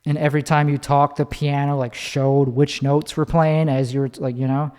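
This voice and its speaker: A man with a slightly high voice rambles through a casual monologue, swearing freely and restarting his sentences. His words ring out with a long reverb, as if he were in a big hard room. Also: little pitch movement, normal speed, a little mellow. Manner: rambling, profane, restarts often, demonstrates pitch with his voice. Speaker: podcast host.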